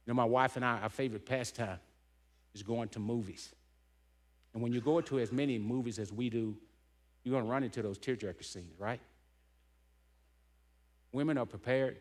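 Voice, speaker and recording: A man's voice: medium pitch, normal speed, long pauses. A middle-aged man giving a heartfelt storytelling talk as a keynote speaker, punctuating points with "right?". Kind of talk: emotional storytelling talk to a men's gathering.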